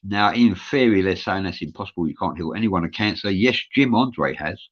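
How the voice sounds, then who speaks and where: A man's voice: sits low, brisk. London man hosting live chat, earnest and rambling, uh-heavy, muffled lo-fi sound. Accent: London English. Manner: rambling, many filler uhs, earnest. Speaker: show host. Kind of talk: live show chat reading viewer comments.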